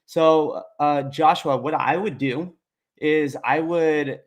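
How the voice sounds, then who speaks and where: A man's voice: a little high, slow pace. A young man, a coding instructor, hosting a casual livestream and chatting upbeat with viewers, reading their names aloud.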